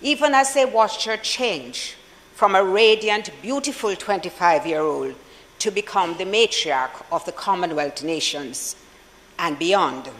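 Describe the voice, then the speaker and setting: Slow, solemn Jamaican senator in a chamber. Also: medium pitch, expressive, a bit bright, long reverb tail, low-quality recording. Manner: slow, measured and solemn, with deliberate pauses. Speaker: opposition senator. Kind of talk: formal tribute speech in parliament.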